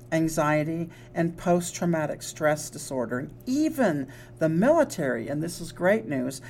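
Woman, co-host, psychologist, earnest casual chat, lowish voice, faint background hum. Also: a little mellow. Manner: earnest, restarts with frequent fillers.

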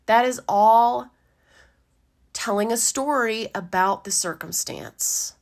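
A woman, a life coach giving a gentle, encouraging talk with a slightly dry throat, who laughs often and acts out inner voices. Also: on the high side, slow. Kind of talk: casual motivational talk.

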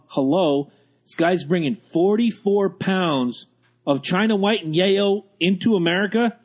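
Brash high-voiced male podcast host. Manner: brash, profane, mocking. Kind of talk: casual podcast banter.

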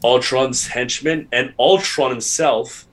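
Man, casual chat, excitable, rambling, laughs often, mid pitch. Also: slow pace.

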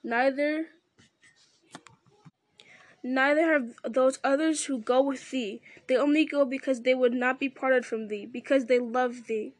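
A woman's voice: sits high, steady tone, a little slow, dry recording, poor audio. A woman reading as a stern, resolute lord. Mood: grave. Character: stern resolute male lord, grave and steady.

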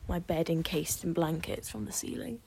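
A woman's voice: lowish voice, normal speed, gravelly, darkish tone, a little hiss or hum, poor audio. A woman vlogging in casual self-talk, out of breath and self-mocking, often dropping to a whisper. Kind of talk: casual self-talk while building a blanket fort.

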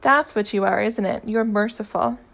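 A woman voicing a smug, teasing young man in a story reading, playful and calm. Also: mid-range voice, moderate pace, creaky.

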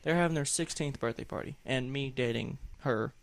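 A man's voice: mid-range voice, a little fast, creaky, dry recording. A young man with a Southern US accent, co-hosting a podcast and telling a long, rambling story. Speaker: podcast co-host. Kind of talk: casual chat.

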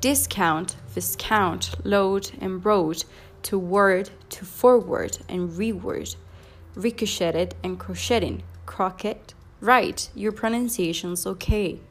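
A woman reciting a long pronunciation poem slowly, one word at a time, as a teacher would. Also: mid-range voice. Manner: slow, deliberate word-by-word recitation.

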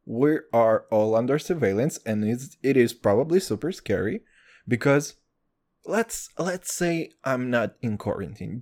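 A young man doing a rambling, profane comic monologue, jumping between voices and pitches as he riffs. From Israel. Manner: profane, excitable, riffing with sudden jumps in pitch.

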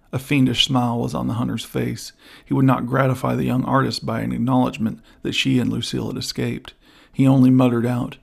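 A man narrating an adventure audiobook in a steady, even reading. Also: mid-range voice, a little fast, creaky, husky. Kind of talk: scripted narration.

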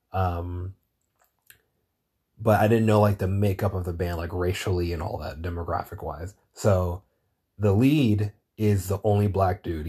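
A man's voice: deep voice, mellow, breathy edge. A man hosting his own show, talking in a meandering, casual monologue full of swearing and searching for words. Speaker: podcast host.

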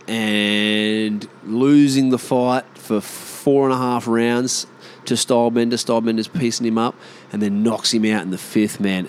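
An Australian man in casual monologue, rambling and swearing, often animated. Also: fairly low pitch, slight background noise.

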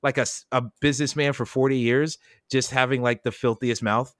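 A young man riffing on a podcast, loose and profane, quick to get excited. His voice sits in a middle register, recorded dry and close with no room around it. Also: medium pitch, no echo. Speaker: podcast co-host. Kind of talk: casual podcast chat.

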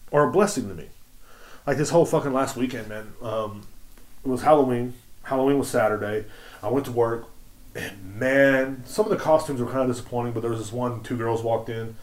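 A man's voice: mid-range voice, normal speed, pauses often. Profane rambling man in an echoey room. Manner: crude, profane, rambling storyteller. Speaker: podcast host. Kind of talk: casual solo podcast rant. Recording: roomy echo.

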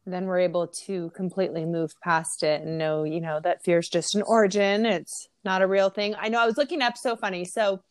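Chatty woman podcast host, a bit hoarse. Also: on the low side, brisk, few pauses, no echo. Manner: chatty, animated storytelling with fillers. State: losing her voice, slightly hoarse. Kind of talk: casual podcast chat.

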